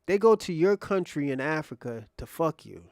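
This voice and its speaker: A man hosts a livestream with a fairly high, darkish voice that swings widely in pitch at a moderate pace. There's no room sound and the quality is studio-grade. He curses and taunts his chat in a provocative rant, often repeating himself and restarting phrases.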